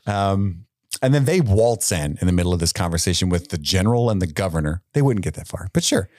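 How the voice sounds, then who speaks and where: A man's voice: sits low, brisk, no room sound. A man co-hosting a podcast, telling a story and recapping a film in casual chat, acting out quotes as he goes. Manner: animated storytelling, acts out quotes. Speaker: podcast co-host.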